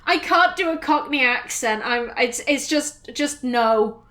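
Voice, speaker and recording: High-voiced northern English woman gaming. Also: animated, unhurried, pushed and bright. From Northern England. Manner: chatty, musing aloud, self-correcting. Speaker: let's play host. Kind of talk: gameplay commentary.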